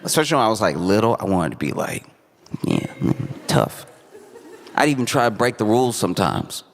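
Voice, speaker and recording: A man's voice: on the low side, big pitch swings, racing, in a large hall. A man telling a stand-up story in a laid-back, wry way, laughing at his own jokes. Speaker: stand-up comedian.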